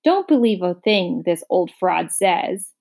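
A woman voicing an excitable, indignant male spelling bee in a storybook read-aloud, shrill and quick to outrage. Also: creaky, full character voice. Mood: disdainful.

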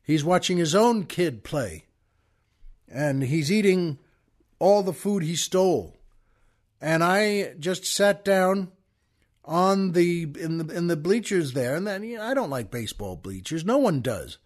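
A man's voice: fairly high pitch, expressive, unhurried. A man hosting a podcast, telling a long story in a folksy, chatty way and talking straight to his listeners. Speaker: podcast host. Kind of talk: storytelling monologue.

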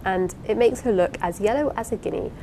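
An impulsive young wife pours out apologies and pleas in a bright, eager rush, as a woman reads her part aloud. Her voice sits in an ordinary middle range. A faint rumble runs under the audiobook recording. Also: brisk, natural voice, rough recording. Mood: anxious. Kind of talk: audiobook character reading.

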